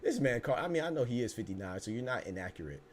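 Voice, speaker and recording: A man's voice: medium pitch, very animated, rapid-fire, slight background noise. A man hosting a live boxing podcast, reading chat comments and joking around with loose, profane mock anger and speech.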